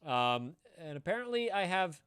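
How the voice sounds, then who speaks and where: A man's voice: fairly high pitch, sing-song, moderate pace, fairly bright tone, clean tone, dry recording, soft background music. A man chatting casually on a live stream, rambling, laughing and swearing as he answers viewers.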